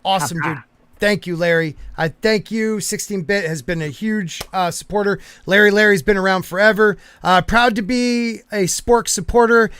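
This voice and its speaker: High-voiced joking podcast host. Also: male voice, moderate pace, smooth, no echo. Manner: joking, interjecting, reads member shout-outs. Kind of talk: casual live-stream chat.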